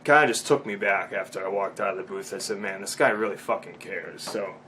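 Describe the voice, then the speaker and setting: A man's voice: deep voice, brisk, bright, forceful tone, a little hiss or hum. A man in his twenties from Boston, rambling casually in a vlog recap, with many ums and restarts and frequent swearing. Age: 20s. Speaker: vlogger.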